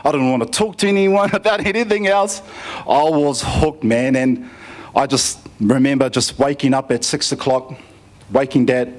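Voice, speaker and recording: A man's voice: medium pitch, moderate pace. Easygoing New man telling a story. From New Zealand. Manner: relaxed storytelling, many fillers and restarts. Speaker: conference speaker giving a testimony. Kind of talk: personal testimony story.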